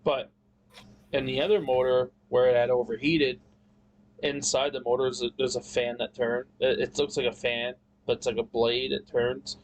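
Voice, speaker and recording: A man tells a long story in a casual chat, rambling and cursing and restarting his sentences. His voice sits at an ordinary middle pitch. A faint hiss of background noise runs under the recording. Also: level tone, normal speed, poor audio. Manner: rambling, profane, frequent restarts. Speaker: podcast guest.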